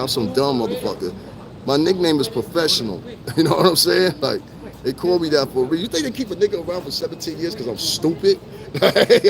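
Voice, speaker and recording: A man's voice: fairly high pitch, noisy background. A middle-aged man chatting loosely to his live-stream viewers on a city street, full of swearing and laughter. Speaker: livestream host.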